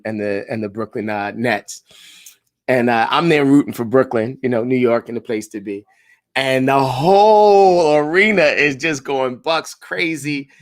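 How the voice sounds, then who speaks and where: A man who is a sales director, hosting a live coaching stream in an energetic, slangy way and calling out viewers by name. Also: no room sound, studio quality. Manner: hyped and slangy, shouting out viewers by name, jumping to high excited pitch. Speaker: sales director leading a live call session.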